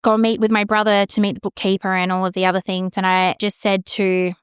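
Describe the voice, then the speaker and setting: A woman shares a hard personal story on her podcast, candid and unfiltered, swearing freely. Her voice is smooth and clear at a middling pitch, recorded close and dry with no room sound. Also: little pitch movement, fairly quick, no room sound. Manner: frank, swears freely, acts out quoted exchanges. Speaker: podcast host.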